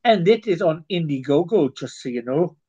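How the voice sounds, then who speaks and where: A man's voice: fairly high pitch, expressive, normal speed, warm tone, breathy edge, muffled recording. A man hosting a live stream in casual chat, reading viewer comments aloud, rambling and stumbling over his words.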